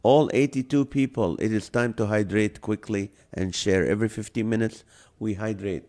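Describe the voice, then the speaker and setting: A man's voice: lowish voice, moderate pace, darkish tone. Jokey man hosting a live stream. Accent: non-native English accent. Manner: jokey, laughs often, greets viewers by name. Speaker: live show host. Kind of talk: casual live-stream chat reading viewer comments.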